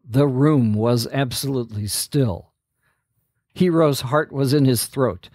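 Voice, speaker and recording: A man reading a story aloud as narrator, in a slow, steady delivery. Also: medium pitch, no room sound, clean studio sound.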